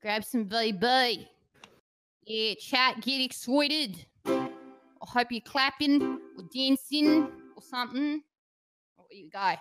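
A woman's voice: on the high side, expressive, takes it slowly, long pauses, fairly bright tone, soft background music, heavily acted. A woman voicing a brash young Australian wannabe singer with a broad Australian accent, talking in cocky slangy banter with broken grammar. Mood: boastful. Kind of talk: comedy sketch from a livestream.

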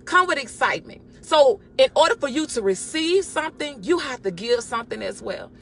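A woman giving a lively, exhorting devotional while driving, recorded on a phone in her car. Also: sits high, a little fast, creaky. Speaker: church member giving a devotional. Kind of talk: casual spoken devotional.

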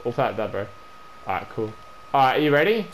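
Lively, stammering young man. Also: medium pitch, fairly quick, a little hiss or hum. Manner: stammering, repetitive, peppered with "bro" and "man". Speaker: gaming YouTuber. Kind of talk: casual gaming chat during a prank trade.

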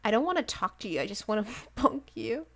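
A woman's voice: on the high side, very animated, brisk, gravelly. A woman streaming a game live, chatting casually and giggling often, with lots of "like" fillers. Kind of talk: casual livestream chat while playing a game.

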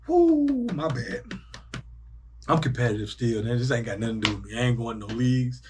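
Animated young man reacting loudly. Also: medium pitch, fairly quick, background noise. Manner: animated, loud bursts, talks to himself. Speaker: reaction video host. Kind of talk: excited casual reaction commentary.

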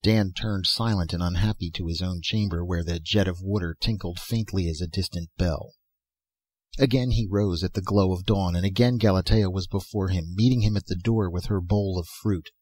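A man narrates a story aloud in a measured, steady manner, his voice lowish and a little husky. The recording is dry and close, with no room sound. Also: dry recording. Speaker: audiobook narrator. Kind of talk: scripted narration.

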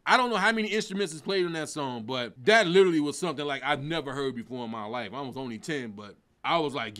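Man, middle-aged comedian, high voice, bright sharp tone, casual profane countdown, sings bits of songs. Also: fast talker. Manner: animated, sings snatches of songs, laughs a lot, swears. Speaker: comedian host.

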